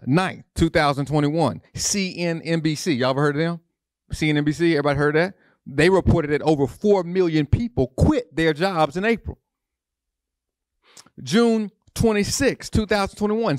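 A male pastor delivers an animated sermon. He keeps repeating phrases and throwing questions at the congregation. His voice sits a little high and is recorded dry and close. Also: no room sound.

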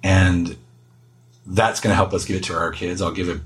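A man's voice: deep voice, fairly even intonation, normal speed, rough recording. A middle-aged man, a guest, giving earnest, self-deprecating conversational answers about parenting in an interview.

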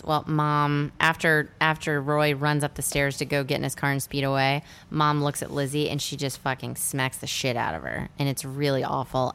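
A woman's voice: rumbling low, creaky, fairly bright tone, clear, resonant tone. A woman in casual chat, animatedly retelling a film's plot with many fillers. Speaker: podcast co-host recapping a film.

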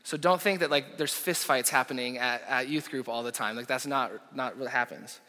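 Impassioned young pastor preaching in a hall. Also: male voice, mid-range voice, normal speed, sharp tone. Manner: impassioned, rising and falling, dropping to near whisper. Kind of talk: sermon. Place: church auditorium. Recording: echoey hall reverb.

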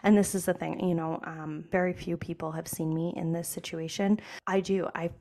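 Woman co-host, low gravelly voice, candid casual chat with plenty of swearing. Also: fairly even intonation, moderate pace, dark tone. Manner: candid, swears freely, vivid pictures. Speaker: podcast co-host.

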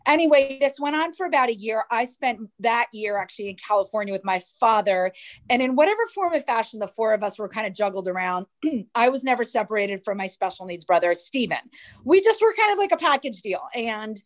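Animated woman telling a story. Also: on the high side, dry recording. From New Jersey. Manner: animated, fast storytelling with many restarts and acted-out quotes. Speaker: guest. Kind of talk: storytelling in an interview.

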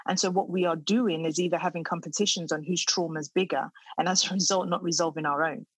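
A woman's voice: on the low side, steady tone, fast talker, slightly rough, no room sound, low-quality recording. A middle-aged woman speaking as a podcast guest, talking earnestly and from the heart with frequent restarts. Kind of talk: casual interview conversation.

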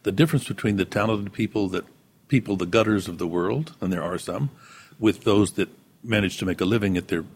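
A man, an actor being interviewed, speaking in a relaxed, thoughtful storytelling way with some fillers. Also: fairly low pitch, brisk, husky. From Texas, US.

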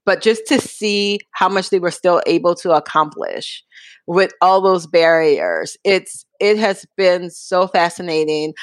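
Brief: a woman author with a lower voice, measured and reflective, recorded in a dry room. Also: dry recording. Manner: thoughtful, measured, frequent agreeing interjections. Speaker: novelist. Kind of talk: casual conversation about writing.

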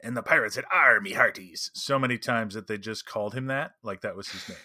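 Guy giving gm tips, bright punchy voice, keeps saying right?, dry mic. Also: fairly low pitch, fast talker, dry recording. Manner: animated, explanatory, checks in with "right?". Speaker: podcast co-host, game master. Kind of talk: casual chat.

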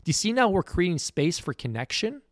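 A man's voice: sits high, very animated, a little fast, no echo, clean studio sound. A middle-aged man hosting a podcast, giving a blunt, emphatic motivational monologue. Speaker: podcast host.

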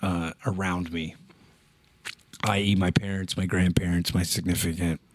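A man's voice: low voice, flat delivery, normal speed. A man telling crude stories in a casual, profane chat, laughing through them and leaning on "dude" and "right?". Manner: laughs through his own stories, heavy swearing. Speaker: podcast host telling stories.

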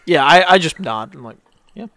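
A man's voice: a little high, animated, normal speed, a bit bright, no echo. A man playing in a tabletop game, explaining in a rambling, giggly way. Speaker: player. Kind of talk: casual chat at a game table.

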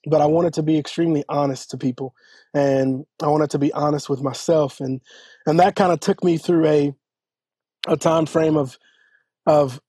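A man, a church elder, speaking earnestly and haltingly as he tells a personal story in an interview, often restarting his sentences. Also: on the high side, dark tone, husky, no room sound. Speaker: church elder and podcast guest.

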